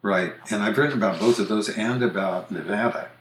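A man's voice: fairly low pitch, a little fast, a little hiss or hum. An older man hosting a podcast, explaining word pronunciations in a thoughtful, casual way with frequent fillers. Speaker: podcast host and usage author. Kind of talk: casual chat. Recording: roomy echo.

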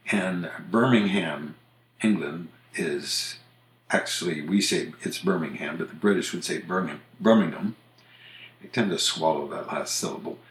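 A very deep-voiced older man chats casually as a podcast host. He muses aloud, stops to correct himself and starts over. His voice rings in a roomy, echoey space. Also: moderate pace, a bit bright. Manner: musing, self-correcting, chatty. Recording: roomy echo.

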